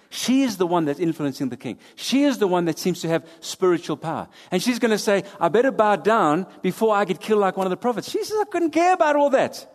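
Animated preacher man in an echoing hall. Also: high voice. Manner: animated preaching with big swings from loud to hushed. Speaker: pastor. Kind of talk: sermon. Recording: long hall reverb.

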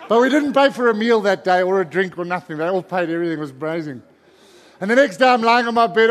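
A middle-aged man preaching a sermon, telling a story with animated energy and shouting in its excited stretches. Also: sits high, fast talker. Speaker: pastor. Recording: long hall reverb.

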